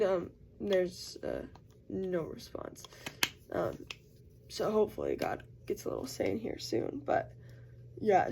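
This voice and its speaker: A woman's voice: medium pitch, vocal fry, dark tone, a little hiss or hum. A young woman vlogging casually as she gets ready, chatty, saying "like" a lot. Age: young adult. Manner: chatty, uses "like" constantly, acts out quoted voices. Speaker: college student vlogger. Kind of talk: casual get-ready-with-me chat.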